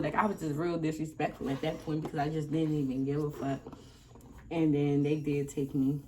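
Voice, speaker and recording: A young woman vlogger telling a story in a casual, animated and profane way, often laughing. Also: low-pitched, brisk, slight background noise.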